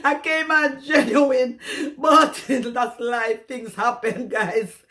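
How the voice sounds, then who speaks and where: A woman's voice: fairly high pitch, fairly even intonation, takes it slowly, sharp tone. A woman with a Jamaican accent in her home kitchen, speaking to a camera and repeatedly addressing her viewers as guys. She is nervous and embarrassed, near tears, laughing through her words. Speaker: cooking channel host. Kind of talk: emotional direct-to-camera confession. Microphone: camera set down in front of her.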